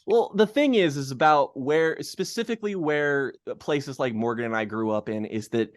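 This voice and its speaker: A man's voice: on the high side, moderate pace, no echo. Ranting profane podcast man, dry sound. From Kentucky. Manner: ranting, profane, full of restarts and stammers. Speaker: podcast co-host. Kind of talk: casual opinionated music-review chat.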